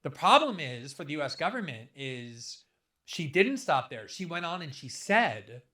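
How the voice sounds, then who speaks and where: A man in his fifties talks straight through a commentary monologue, stressing words hard and stacking rhetorical questions. His voice is bright and forceful and sits a little high for a man. He keeps pressing one argument without letting up. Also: big pitch swings, a little slow. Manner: emphatic, building rhetorical questions. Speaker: political commentator.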